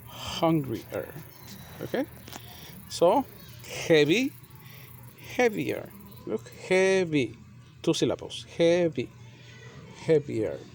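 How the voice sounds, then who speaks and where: A man teaching a grammar lesson, repeating and spelling out words slowly and deliberately. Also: on the high side, a little hiss or hum. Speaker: English teacher.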